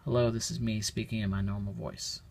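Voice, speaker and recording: In a very noisy home recording, a man with a lowish, level voice and some vocal fry gives a casual how-to demo at a brisk pace. As product demonstrator, he explains each step plainly and thinks aloud.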